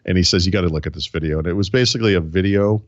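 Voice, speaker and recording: A man with a very low, deep voice chats on a tech podcast, circling his point with frequent restarts. The mic sound is dry and close, and the recording is slightly dull. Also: rapid-fire, dry recording. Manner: rambling, many false starts and restarts. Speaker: podcast co-host. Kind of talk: casual tech podcast chat.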